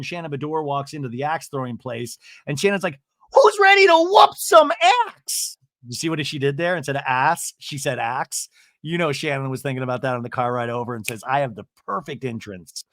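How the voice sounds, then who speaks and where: A male podcast host recaps a TV episode casually and comically, animated and chatty, full of "like" and asides. His voice is medium-pitched and brisk. The studio sound is clean, with no echo.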